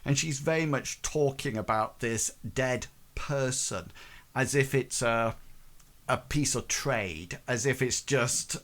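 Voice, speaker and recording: A man narrating as game master of a tabletop game, with a halting, filler-heavy delivery. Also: medium pitch, fairly bright tone.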